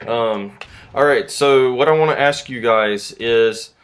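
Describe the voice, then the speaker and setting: A man's voice: mid-range voice, measured pace, fairly bright tone, clear, resonant tone. A man in his twenties with a Southern US accent, rambling through a casual story to camera. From Southern United States. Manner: rambling, easygoing, self-deprecating. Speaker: YouTuber.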